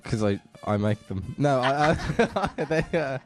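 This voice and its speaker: A man's voice: medium pitch, a little slow, faint music behind. A young man guesting on a casual comedy podcast, rambling, giggling and tripping over his words. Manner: giggly, rambling, self-interrupting. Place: small home studio.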